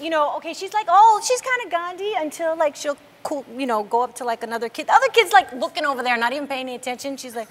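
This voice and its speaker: A woman's voice: sits high, fast. A woman in her thirties, an actress guest on a talk show, telling stories with laughter and acted-out quotes. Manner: animated, laughing, acts out quotes. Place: TV studio with live audience. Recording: studio with audience noise.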